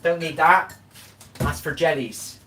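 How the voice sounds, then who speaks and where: A man with a slightly high voice talks slowly over a noisy background. As a livestream host, he cooks and tidies at home in the kitchen while chatting casually to viewers, jumping from topic to topic, speaking straight to the chat, and letting out the occasional blunt curse.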